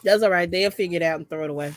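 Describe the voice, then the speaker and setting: A woman co-hosting a podcast, chatting casually with quick, lively reactions. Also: fairly low pitch, dry recording. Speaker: podcast co-host. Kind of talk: casual chat.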